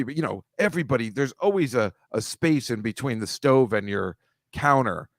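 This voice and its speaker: A man's voice: mid-range voice, animated, moderate pace, no echo, clean studio sound. A man hosting a casual video-call chat over shared slides, rambling, wry and mocking, swearing freely. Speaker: host.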